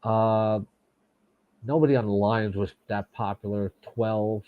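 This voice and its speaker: A man's voice: fairly low pitch, steady tone, slow pace, no echo. A man who is a fantasy football guest, chatting in a self-deprecating, talkative way over remote audio. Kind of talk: casual chat. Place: home in New York. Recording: dull dry remote audio.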